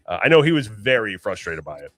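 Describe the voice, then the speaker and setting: A man with a slightly low voice hosts a relaxed late-night livestream chat. He talks in a loose, chatty way, often restarting mid-sentence. The sound is dry and close. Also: fast, dry recording. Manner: chatty, restarts and self-corrections. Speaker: podcast host.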